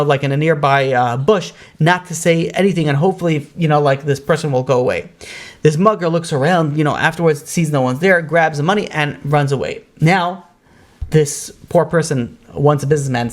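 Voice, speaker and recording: A rabbi telling a story in a Torah class. He talks casually with many fillers and acts out the voices he quotes. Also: on the high side.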